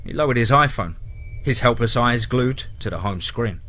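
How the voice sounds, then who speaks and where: Male horror narrator, bright tone, grim dramatic reading. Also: medium pitch, expressive, normal speed.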